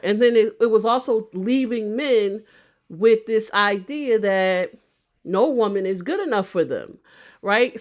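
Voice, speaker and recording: A woman's voice: medium pitch, a bit bright. A woman vlogger giving casual opinion commentary, thinking aloud and often restarting and repeating phrases.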